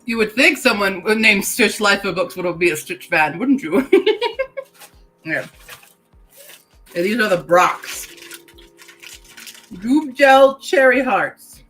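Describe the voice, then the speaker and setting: A woman's voice: mid-range voice, measured pace, bright, forceful tone, faint music behind, low-quality recording. A woman hosting a casual writing-sprint livestream. She reads chat comments aloud, laughs often and talks while chewing candy.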